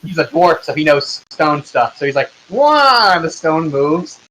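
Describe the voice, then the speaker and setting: A man with a slightly high voice runs a tabletop game over online chat. He narrates the scene loosely and casually, pausing on plenty of fillers, over a faint hiss. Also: steady tone, rough recording. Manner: loose, rambling, with many fillers. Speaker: game master.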